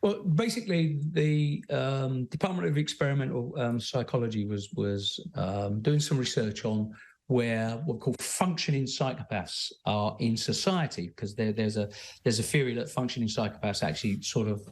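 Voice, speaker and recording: Man, 60s, interview guest; rambling, frank, swears freely, mid-pitched voice. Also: normal speed, darkish tone. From London, England. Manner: rambling, many fillers and restarts, blunt and profane. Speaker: guest, former soldier and author. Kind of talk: candid conversational storytelling.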